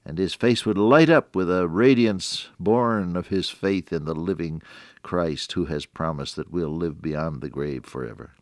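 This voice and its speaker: An older man delivers a radio devotional sermon in a deep, low voice. He preaches earnestly, quoting scripture in old-fashioned wording and rising on key phrases. The recording is dry and close, with no room sound. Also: a little slow, a little mellow, dry recording.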